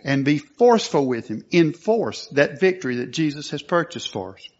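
A man preaching a sermon, earnest and at times forceful, on a dull lo-fi recording. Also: on the high side, very animated, moderate pace. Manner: earnest, rising to forceful emphasis.

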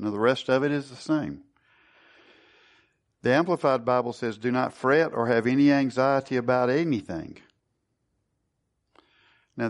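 A man leading a Bible study sermon, earnest and conversational, who often restarts and repeats words. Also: mid-range voice. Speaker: Bible teacher.

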